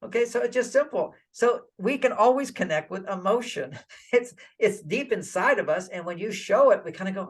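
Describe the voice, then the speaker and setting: An older man giving relationship advice in an interview, animated and acting out little quoted dialogues. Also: high-pitched, moderate pace. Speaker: relationship author and guest.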